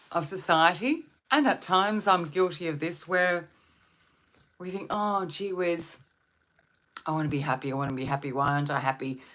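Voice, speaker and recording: A woman with a low, slightly bright voice hosts a wellbeing live stream. She guides meditation, soothing and reflective in tone, and questions her viewers as she goes.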